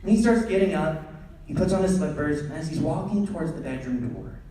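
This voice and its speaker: Brief: animated young comic telling a story on stage, voice swooping high and low, far from the mic. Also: male voice, brisk. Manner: animated, acts out scenes. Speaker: stand-up comedian. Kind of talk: storytelling stand-up. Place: theatre stage. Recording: echoey theatre from far off.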